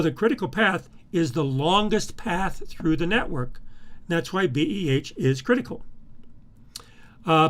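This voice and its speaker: A middle-aged male instructor talks through a recorded lesson in a slightly high voice. He speaks haltingly, repeating words and filling pauses with "uh" while he clicks between files. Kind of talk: recorded screen-share lecture.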